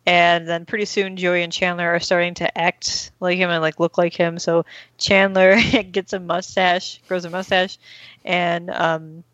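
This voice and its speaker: A woman's voice: on the low side, flat delivery, a little slow, a bit bright, dry recording, lo-fi sound. A woman hosting a casual chat, rambling through a recap with many fillers and acting out quoted lines. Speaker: podcast host recapping an episode.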